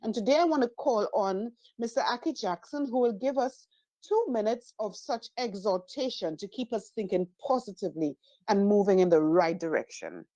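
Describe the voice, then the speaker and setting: A woman hosting a community training, giving a measured, uplifting formal introduction. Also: medium pitch, expressive, mellow, no echo, low-quality recording.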